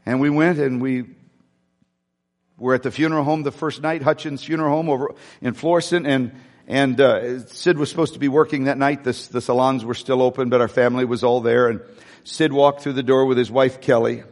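A man preaching a sermon, telling a personal story candidly and emotionally, swinging from loud to hushed. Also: medium pitch, fairly even intonation, a little fast, big-room sound. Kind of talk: sermon testimony.

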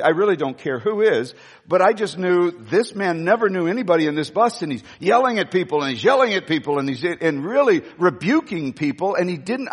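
A boisterous man preaches a sermon, acting out every quote as he tells his story. His voice sits high and a bit husky. It rings with the long reverb of a large hall.

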